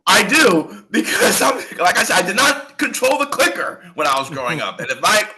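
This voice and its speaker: A man playing as a contestant on an online movie quiz, bantering in a lively, jokey way and swearing casually. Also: high-pitched, moderate pace, background noise. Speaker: game contestant.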